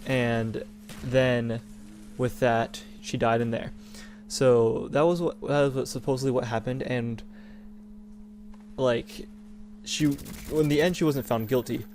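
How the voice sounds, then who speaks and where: A man's voice: medium pitch, fairly even intonation, slow, pauses often, darkish tone, faint music behind. A young man hosting a gaming channel, talking in a rambling, indignant rant with many restarts. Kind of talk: casual opinion rant over gameplay.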